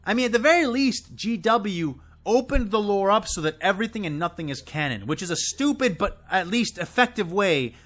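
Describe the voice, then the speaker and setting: Exasperated high-voiced man ranting. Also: expressive, normal speed, hardly any pauses, fairly bright tone. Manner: exasperated, swearing, high and swooping. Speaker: video creator ranting about a show. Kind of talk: impassioned solo rant.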